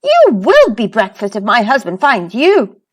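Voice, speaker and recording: A woman's voice: a little high, huge pitch swings, a little slow, exaggerated voice. A woman voicing a stern but kindly giant's wife in a children's storybook reading, scolding and matter-of-fact.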